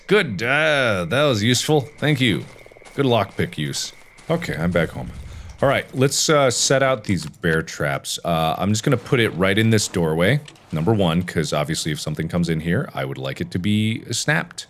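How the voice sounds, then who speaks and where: Animated man doing game commentary. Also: fairly low pitch, moderate pace, a little hiss or hum. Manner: animated, swinging from mumbling to yelping panic. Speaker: gaming video host.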